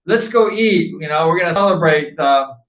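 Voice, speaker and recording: A man from Southern California who hosts, telling animated stories casually to camera, laughing often and acting out old conversations. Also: fairly high pitch, normal speed, reverberant, highs cut off. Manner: animated, laughs often, acts out past dialogue. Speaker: host, former motorcycle racer.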